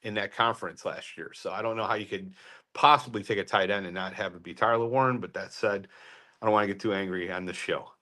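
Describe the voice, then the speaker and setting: A man's voice: lowish voice, fairly even intonation, fast talker, sharp tone. A man chatting as a guest about his podcast, friendly and enthusiastic, laughing easily. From Chicago area. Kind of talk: casual chat.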